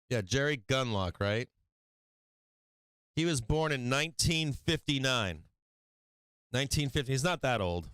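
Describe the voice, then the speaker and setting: A man's voice: medium pitch, fairly bright tone, smooth, no room sound. A man hosting a live stock market stream, rambling and mocking, swearing often as he talks to his viewers. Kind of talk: casual profane market chat.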